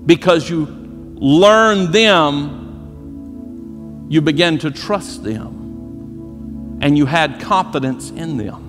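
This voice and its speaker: High-voiced preacher in an echoing church. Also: male voice, lively intonation, extremely slow, pauses often, over music. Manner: rising to shouted emphasis, repeating phrases. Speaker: pastor. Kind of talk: sermon. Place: church sanctuary.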